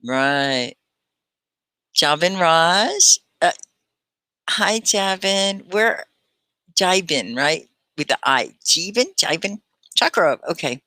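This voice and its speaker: Texan woman ESL teacher, encouraging live lesson, bright tone, dry close sound. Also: fairly low pitch, expressive, smooth, no room sound. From Texas. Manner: encouraging, instructive, slow for learners. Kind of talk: live online English lesson.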